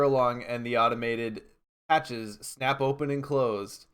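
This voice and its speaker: This podcast co-host, a man, speaks in a mid-range, clean and slightly bright voice with fairly even intonation and a measured pace. He's playing a card game casually, cracking wry, profane jokes and reading cards out dramatically.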